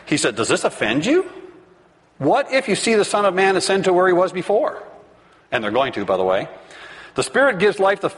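A man preaching a sermon, reading scripture aloud and acting out the crowd's voices with animated asides. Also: high voice, brisk, pauses often. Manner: animated, reads scripture and acts out the crowd's questions. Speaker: pastor. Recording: long hall reverb.

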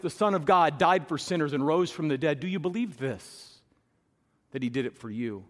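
Male preacher, high voice, emphatic sermon delivery with rhetorical questions, long church-hall reverb.

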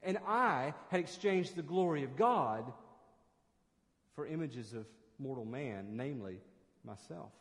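A man's voice: mid-range voice, animated, measured pace, big-room sound. A man preaching an expository sermon as pastor, earnest and emphatic, often restarting phrases.

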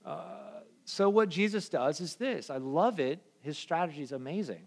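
A young adult male pastor giving a casual, conversational sermon in an animated, slangy way. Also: a little high, normal speed. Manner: animated, slangy, acts out quoted voices.

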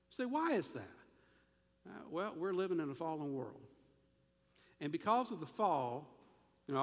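Pastor guy preaching, high voice, big church echo, folksy and animated. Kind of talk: sermon. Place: church sanctuary. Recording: long reverb of a church sanctuary.

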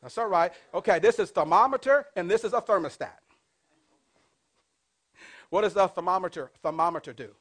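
Fifty-something pastor man preaching, high-ish voice, lots of call-and-response questions to the church. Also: normal speed, pauses often. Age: 50s. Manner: animated, swings between loud and hushed. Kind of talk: sermon.

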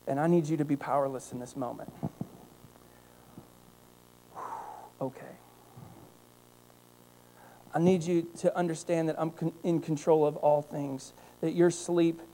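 Animated storytelling pastor, mellow voice. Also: male voice, on the high side. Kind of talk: sermon.

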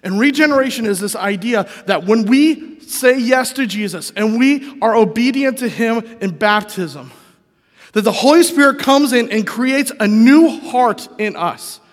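A man's voice: very high voice, expressive, unhurried. A man preaching a sermon in a casual, conversational way, often asking the congregation questions. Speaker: pastor. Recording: long reverb of a large hall.

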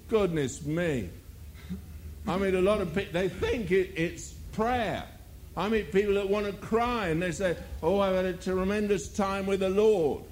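Animated, lively preaching man. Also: high voice. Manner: animated, rhetorical questions, mocking asides. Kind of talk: sermon.

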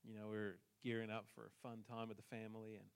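A man's voice: on the low side, flat delivery, quick pace, vocal fry, smooth. A man from New Zealand with a New Zealand accent, telling a personal story in a sermon with jokes for the congregation. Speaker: pastor.

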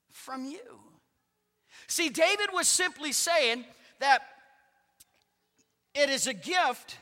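Pastor type, male. High, bright, lively voice. Preaches with big swings from loud to quiet, in a church with a long echo. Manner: emphatic preaching, swings between loud declarations and hushed asides. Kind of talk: sermon. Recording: long hall reverb.

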